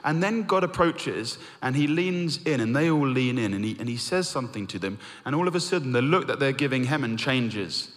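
Earnest preacher in a reverberant hall. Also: male voice, medium pitch, expressive, fairly quick, few pauses. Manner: earnest, rising to emphatic then dropping to hushed. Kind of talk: sermon.

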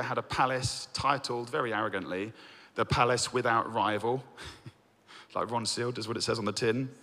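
A man teaching through a Bible book, reading verses aloud and telling it with lively storytelling. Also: mid-range voice. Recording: long reverb.

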